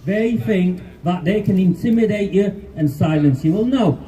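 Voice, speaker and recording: A man's voice: high-pitched, moderate pace, mellow. A man, giving an angry, defiant speech at a street protest. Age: 50s. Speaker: rally speaker. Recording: distant outdoor mic.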